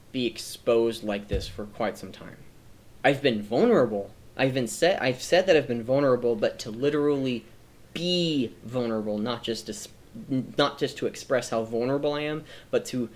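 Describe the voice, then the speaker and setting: Earnest man thinking aloud. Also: medium pitch. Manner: earnest, rambling, self-correcting. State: emotional, close to tears. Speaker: streamer. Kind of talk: reflective personal monologue.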